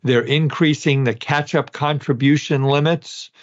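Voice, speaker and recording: A man's voice: on the high side, fairly even intonation, measured pace, lo-fi sound. A man in his sixties hosting a podcast, talking in a folksy, rambling way straight to his listeners. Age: 60s. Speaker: podcast host. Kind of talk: casual podcast talk.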